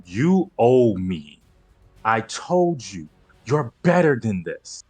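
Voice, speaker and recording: A man playing a tabletop game, speaking in character with slow, deliberate scolding. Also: mid-range voice, very animated, darkish tone. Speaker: player. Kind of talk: in-character tabletop role-play.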